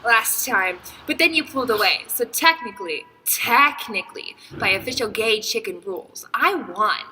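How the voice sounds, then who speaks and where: A goofy, smug drunk young man who slurs his words, read out by a woman. The voice is extremely bright and piercing. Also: on the high side, expressive, normal speed, a little hiss or hum, low-quality recording. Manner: slurred and smug.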